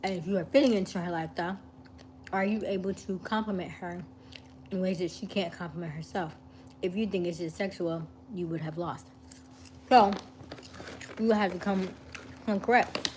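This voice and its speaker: A woman hosting a casual live stream, chatting in a relaxed way, greeting viewers by name and snacking while she talks. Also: on the low side, moderate pace, pauses often, a little hiss or hum.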